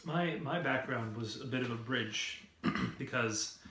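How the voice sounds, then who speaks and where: A man from the West speaking about his background in a measured, thoughtful way. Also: medium pitch, sharp tone. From raised in the West. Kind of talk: reflective personal talk. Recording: roomy echoey room.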